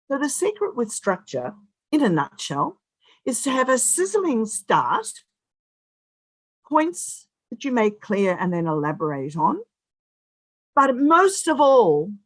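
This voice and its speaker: A woman's voice: mid-range voice, no room sound, rough recording. Emphatic woman in her seventies. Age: 70s. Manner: animated and emphatic, with big swings in loudness and long pauses. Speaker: guest speaker. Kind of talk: motivational public speech.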